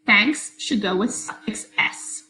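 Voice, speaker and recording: A woman teacher giving a recorded phonics lesson to her class, speaking slowly, clearly and patiently. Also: medium pitch, lively intonation, sharp tone, roomy sound, poor audio.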